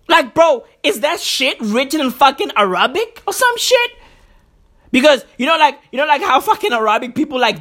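Woman for a profane comedic rant: high voice, takes her time, keeps circling back to the same line. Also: a bit bright. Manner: profane, repetitive, rambling outbursts.

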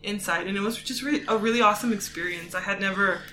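A woman's voice: medium pitch, fast talker, sharp tone. A woman guest on a podcast, chatting enthusiastically about a band. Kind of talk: casual chat. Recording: echoey room with music behind.

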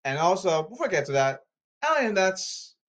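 A man hosting a solo podcast, ranting with exasperation and repeating himself, his pitch leaping and his loudness swinging. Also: normal speed. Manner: animated, erratic pitch leaps and volume swings. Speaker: podcast host.

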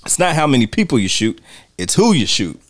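Male podcast host, casual film chat, animated delivery with voices and laughter. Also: medium pitch, fairly quick, no room sound. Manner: animated, acts out movie quotes with laughs.

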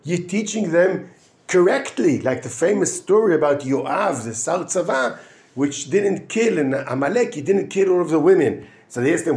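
A man, a yeshiva rabbi, giving an informal weekly Torah lesson, halting and full of restarts, mixing Hebrew terms into his English and answering his own questions. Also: fairly high pitch, animated, darkish tone. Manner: halting, with frequent restarts and fillers.

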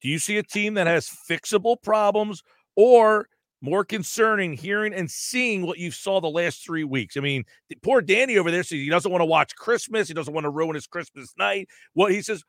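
A man's voice: high-pitched, fairly bright tone, dry recording, clean studio sound. A man hosting a sports radio show, talking casually and posing long questions to his guest. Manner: conversational, poses long questions.

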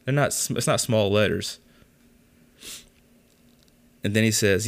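A young man hosts a podcast, telling a story as a casual, exasperated rant packed with swearing. His voice is on the low side with vocal fry, and he speaks at a measured pace with long pauses.

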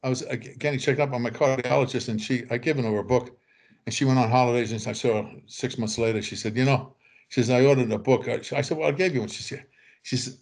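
An older man telling rambling anecdotes in casual chat, acting out quoted voices and chuckling. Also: medium pitch. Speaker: author telling stories.

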